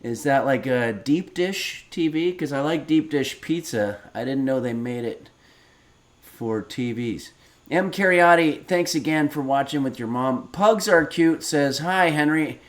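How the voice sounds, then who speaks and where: A man in his fifties hosting a casual cooking livestream, reading viewer messages aloud and answering with deadpan, rambling stories. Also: a little high, unhurried. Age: 50s. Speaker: streaming cooking show host.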